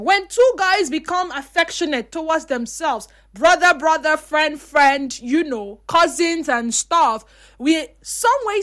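A young woman with a very high, bright, ringing voice hosts a casual livestream chat and reads viewer comments aloud. She tells stories with lots of animation and acts out each side of the dialogue. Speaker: host reading viewer comments.

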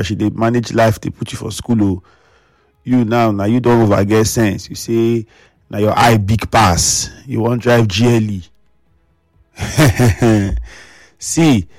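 A Nigerian man lectures his radio audience with a scolding, preachy edge, mixing pidgin into his speech. His voice sits at a medium pitch and sounds dry and close to the mic. Faint music plays underneath. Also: darkish tone, no room sound. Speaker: radio talk show host.

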